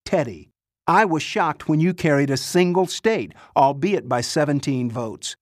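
A man's voice: fairly high pitch, animated, a little slow, dry recording, studio quality, voice pushed up. A man voicing a brash, petty middle-aged male president who talks in a raised, indignant voice.

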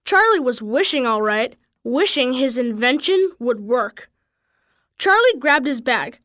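Woman reading a kids' storybook out loud, high voice, really animated, dry close sound. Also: measured pace, no room sound. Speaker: reader. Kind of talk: children's story read-aloud.

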